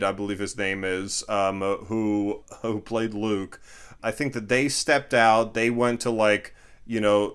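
A man with a smooth, resonant voice chatting as a podcast co-host. He talks in halting bursts, stumbling and restarting, and keeps slipping in dry, sarcastic jokes about a film. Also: lowish voice, fairly bright tone. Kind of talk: casual chat reviewing a film.

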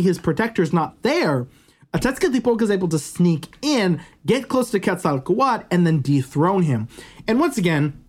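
Chatty man retelling a myth. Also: high voice. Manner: animated, chatty, frequent "right?" asides. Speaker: podcast storyteller. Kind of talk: casual storytelling.

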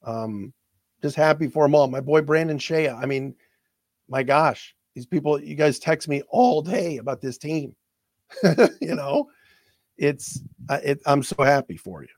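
A man's voice: a little high, no echo, clean studio sound. Emotional man hosting a sports show. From not from the area of the team he covers. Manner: halting, repeats words, voice cracks with emotion. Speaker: sports talk show host.

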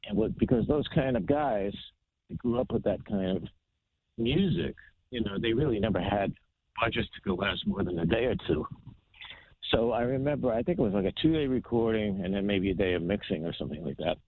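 This man, a guest guitarist from New Jersey, United States, has a fairly low-pitched voice and talks fairly quickly. In a storytelling interview he spins animated anecdotes, acting out other people's voices. The sound is tinny like a phone line, with no room sound.

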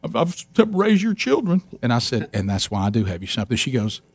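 A man's voice: mid-range voice, fairly quick, no room sound. A man hosting a talk show, telling a long funny family story with lots of restarts and acted-out quotes. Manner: animated storyteller, many restarts, acts out his wife's lines. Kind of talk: casual storytelling chat.

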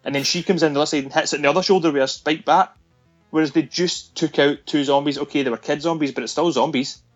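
A man excitedly recounting a zombie film's scenes and dropping into the characters' voices as he goes. The audio is a bit dull and lo-fi, with faint music underneath. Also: a little high, quick pace. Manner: animated retelling with laughs, acting out lines. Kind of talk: casual film discussion.

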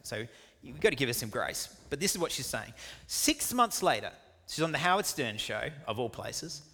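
Aussie pastor guy, jokey and animated, bright voice. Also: mid-range voice, long reverb tail. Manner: animated, jokey, many asides and voiced dialogues. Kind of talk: sermon.

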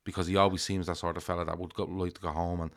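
A man's voice: deep voice, little pitch movement, racing. A man co-hosting a casual football fan chat, making emphatic points and swearing as he goes.

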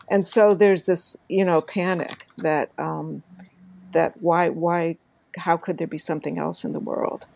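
A woman co-hosting a casual book discussion, talking in an animated way and reading passages aloud. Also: on the low side, a little slow, gravelly.

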